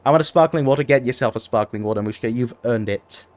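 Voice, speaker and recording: During a long gaming stream, a tired-sounding streamer chats playfully, reading chat aloud and teasing viewers back. The voice is medium-pitched, fast and a little mellow, in a dry recording.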